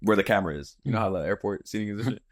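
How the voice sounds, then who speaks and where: A young man hosting a podcast, telling a story in casual chat, animated and swearing, acting out what people said. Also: on the low side, racing. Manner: animated, swearing, acts out quotes. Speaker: podcast host.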